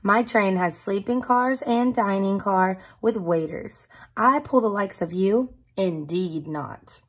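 A snooty, proud passenger engine from a children's storybook, speaking slowly and haughtily, as a woman puts him on. The voice is slightly breathy. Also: medium pitch, a bit bright. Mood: haughty. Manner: haughty, drawn out.

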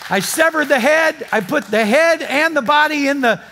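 Pastor with a high, story-driven voice. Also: male voice, moderate pace, sharp tone, a faint crowd, a little hiss or hum. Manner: storytelling, joking with the congregation. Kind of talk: sermon. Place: church before a live congregation.

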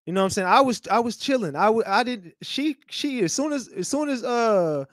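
A man hosting a livestream, talking in an animated way to his viewers and repeating himself. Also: very high-pitched, brisk, no echo, clean studio sound. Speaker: host. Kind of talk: livestream commentary.

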